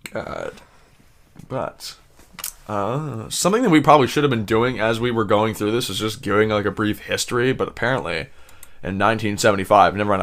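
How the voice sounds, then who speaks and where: A man's voice: fairly low pitch, gravelly, fairly bright tone. A Canadian man co-hosting a podcast, chatting loosely and reading facts aloud in a rambling way. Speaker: podcast co-host. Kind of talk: casual chat.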